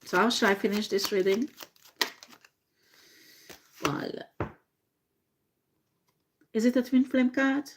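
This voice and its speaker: A woman reading tarot in a slow, halting way, with many fillers and frequent laughter. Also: on the high side, background noise. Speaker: tarot reader.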